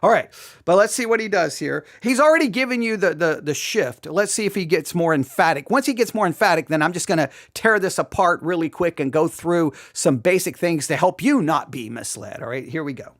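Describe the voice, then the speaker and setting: A man's voice: fairly high pitch, animated, brisk. A man hosting commentary on a sermon clip, sarcastic and mocking. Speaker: host.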